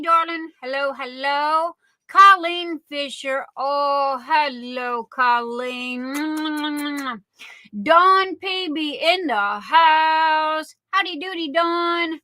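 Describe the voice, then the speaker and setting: A woman hosts a relaxed livestream in an unhurried, chatty way, warmly greeting each viewer by name and calling them darling. Her voice sits high and bright, and the recording is dry and close with little room sound. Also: no echo, poor audio. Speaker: livestream host. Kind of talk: casual livestream chat.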